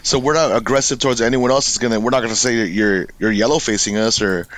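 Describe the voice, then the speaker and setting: A man's voice: medium pitch, fairly even intonation, fast talker, fairly bright tone, dry recording. Laid-back swearing man from LA. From Los Angeles. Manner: laid-back, swears freely, acts out quotes. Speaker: podcast guest. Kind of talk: casual podcast chat.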